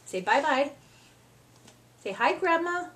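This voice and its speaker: Mom doing slow singsongy baby talk w her toddler at home, high voice, keeps laughing. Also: expressive, a bit bright. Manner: sing-song, coaxing, laughing often. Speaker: mother. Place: family home.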